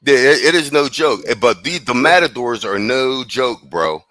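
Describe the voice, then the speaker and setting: A man telling a story on a casual podcast stream, full of slang, laughs and quick restarts. His voice is bright and forceful, and it sits close and dry with no room around it. He talks at a middle pitch. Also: dry recording. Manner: animated, slangy, laughs often, restarts lines. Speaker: podcast host. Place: live stream from abroad.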